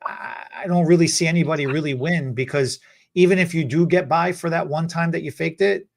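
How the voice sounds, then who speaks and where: Man with a slightly high voice co-hosting a casual podcast, earnest and repeating his points for emphasis. He speaks as a hairstylist who deals with clients. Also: steady tone, a little fast, creaky.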